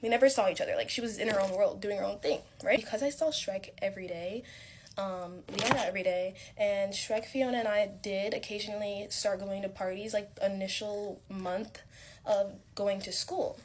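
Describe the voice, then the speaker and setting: A young woman telling a casual story from her college days. She rambles a little and fills her talk with "like" and "um," and her retelling is lively. There is clear background noise behind her. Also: mid-range voice, normal speed. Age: young adult. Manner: rambling, filler-heavy, animated retelling.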